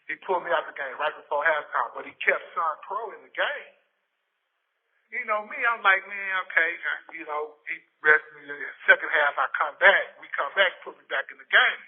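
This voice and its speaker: A man in his fifties from Texas, with a husky and fairly high voice, tells stories in a casual interview. He is animated and keeps stumbling over and repeating words as he gets going. The sound is thin and phone-like. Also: moderate pace. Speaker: interview guest, former football player. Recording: tinny phone-like lo-fi audio.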